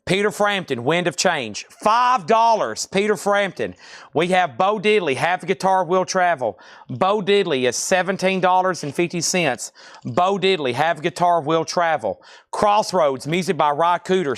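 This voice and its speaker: A man's voice: a little high, dry recording, clean studio sound. A man hosting a live-streamed record sale, rattling off items and prices with chatty asides. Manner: rapid item-and-price listing, chatty asides.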